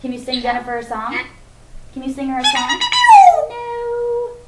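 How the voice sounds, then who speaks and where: A woman's voice: sits high, wildly swooping pitch, moderate pace, over loud music. Woman coaxing a pet bird in baby talk. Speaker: pet owner. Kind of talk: home video talking to a pet parrot. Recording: roomy, distant home-camera sound with loud noise.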